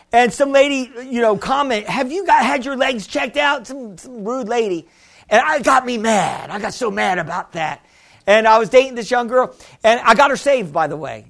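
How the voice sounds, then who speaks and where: A middle-aged man, a pastor, preaching a sermon: he tells stories quietly, then builds to shouted, excited exclamations. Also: very high-pitched.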